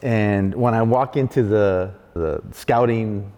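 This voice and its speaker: A man guesting on a casual chat, telling a story with animated energy and plenty of swearing, and acting out other people's lines. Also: fairly low pitch, slow. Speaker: guest graffiti artist. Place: large arts venue room. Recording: echoey hall.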